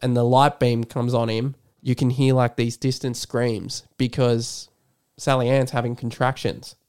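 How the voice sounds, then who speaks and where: Guy cohosting a movie podcast, smooth clear voice, gets animated recapping scenes. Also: medium pitch, unhurried. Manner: animated retelling of film scenes, laughs often. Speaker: podcast co-host. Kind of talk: casual film review chat.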